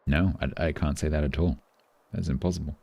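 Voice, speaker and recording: A man's voice: extremely low pitch, steady tone, fairly quick, gravelly, no echo, dull audio. A man chatting casually while streaming a naval battle game, playful and self-mocking as he jokes with his viewers. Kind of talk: casual gaming stream commentary.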